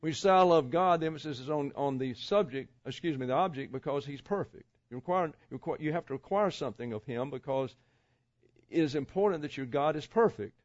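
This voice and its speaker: A man's voice: a little high, animated, no room sound. Male pastor, sermon delivery, rhetorical questions, lo-fi dull recording. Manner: measured preaching with rhetorical questions and asides.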